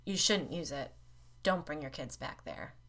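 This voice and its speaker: A grim, shaken man, bitter and blunt, recounting something strange as a woman reads him aloud. His voice sits low and plain. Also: a little slow, a bit bright, full character voice. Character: shaken bitter middle-aged man, homeowner.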